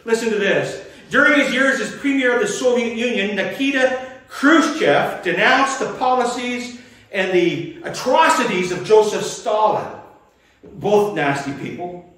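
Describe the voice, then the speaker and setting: His voice ringing through a very echoey church hall, an older pastor delivers a folksy sermon that rambles, with plenty of chuckles and restarts. He sounds a bit distant from the microphone, and his fairly high, fairly bright voice is expressive though a little slow.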